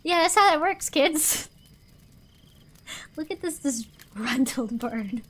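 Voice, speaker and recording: Young woman streamer, high voice, slow storybook reading, chatty asides, desk mic. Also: expressive, fairly bright tone. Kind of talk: reading a picture book aloud on stream.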